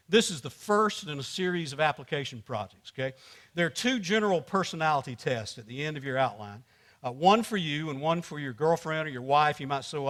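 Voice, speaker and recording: A fairly bright voice on the high side belongs to a man leading a church men's class. His teaching is playful and conversational, full of audience quizzing and frequent laughter.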